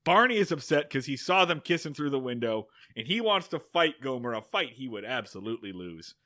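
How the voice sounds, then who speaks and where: A man's voice: mid-range voice, very animated, brisk, pushed and bright. A man co-hosting a podcast, summarizing a plot in casual, wry chat. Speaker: podcast co-host.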